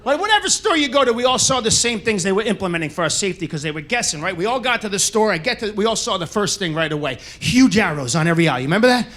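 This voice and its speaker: A middle-aged American man doing a stand-up comedy set, telling brash, profane stories and shouting his punchlines. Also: high voice, sing-song, racing, hardly any pauses. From United States. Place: comedy club stage.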